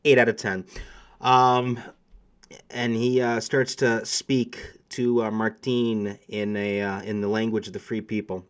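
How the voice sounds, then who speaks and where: A man's voice: on the low side, level tone, a little slow, clear, resonant tone. A man narrating as game master for a tabletop role-playing game, reading prepared scene text and then improvising with frequent fillers.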